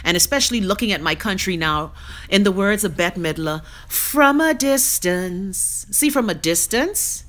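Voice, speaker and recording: A woman's voice: lowish voice, expressive, moderate pace, a bit bright. A Bahamian woman hosting a live web show, ranting bluntly and profanely while she reads viewer comments. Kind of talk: livestream rant while reading viewer comments.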